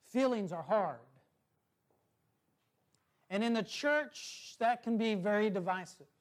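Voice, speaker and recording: High-voiced preacher with a soft, measured delivery. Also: male voice, lively intonation. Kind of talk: sermon.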